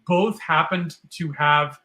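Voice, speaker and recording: A man co-hosting a podcast in casual chat, telling animated stories and dropping into silly voices for quotes. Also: fairly high pitch, slow pace. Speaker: podcast co-host.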